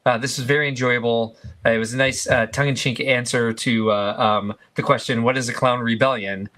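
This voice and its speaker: A man's voice: medium pitch, steady tone, fairly quick, sharp tone. A man co-hosting a live stream, chatting casually and rambling through pictures with lots of fillers. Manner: rambling, filler-heavy, easygoing. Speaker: stream co-host.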